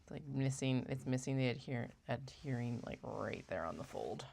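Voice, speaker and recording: A woman with a low, gravelly voice talks her way through a sewing job on a live stream. Her pitch swings widely as she chats, wry and self-mocking, with the odd curse. It sounds like easygoing running commentary. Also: animated, normal speed, darkish tone. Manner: chatty, wry, swears and laughs at herself. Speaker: sewist hosting a craft live stream. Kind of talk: casual running commentary while working.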